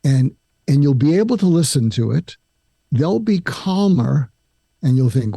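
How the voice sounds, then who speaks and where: Older male guest, gravelly and mellow, calm step-by-step advice, dry close sound. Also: on the high side, measured pace, no room sound. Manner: calm, explains step by step, acts out example lines. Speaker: psychiatrist guest. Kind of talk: advice in a podcast interview.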